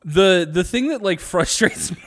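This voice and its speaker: A young man co-hosting a casual comedy podcast, animated and acting out quotes in exaggerated voices. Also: sits high, normal speed, background noise. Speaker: podcast co-host.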